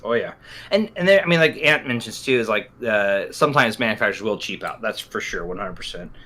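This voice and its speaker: Easygoing guy chatting, bright forceful voice, keeps agreeing, pokes fun at himself. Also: on the low side, lively intonation, brisk. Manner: agreeable, lots of backchannel, self-deprecating. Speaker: podcast co-host. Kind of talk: casual chat.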